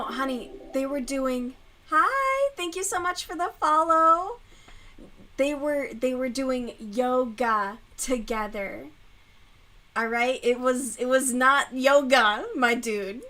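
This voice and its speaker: A young woman hosting a casual live stream while she crochets, rambling and swearing freely, and getting loud and animated when she rants. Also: a little high, rough recording. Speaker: livestream host.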